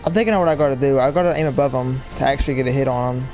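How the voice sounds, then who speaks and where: A young man rambling excitedly to viewers as he plays a game, recorded at home with game music behind him. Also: medium pitch, rapid-fire. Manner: excitable, rambling, talks to viewers while playing. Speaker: gaming YouTuber. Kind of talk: casual let's-play commentary. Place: home room, people audible outside.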